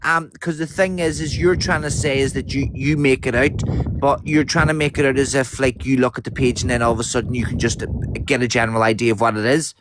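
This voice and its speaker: A man's voice: medium pitch, fairly even intonation, fast talker, noisy background. A man, arguing heatedly on a live stream, swearing and talking over the others.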